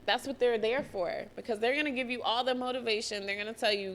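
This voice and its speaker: A young adult woman, hosting a motivational solo podcast in an energetic, profane way. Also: a little high, fast talker, few pauses. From US (Georgia). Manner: energetic, profane, acts out quoted voices. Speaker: podcast host.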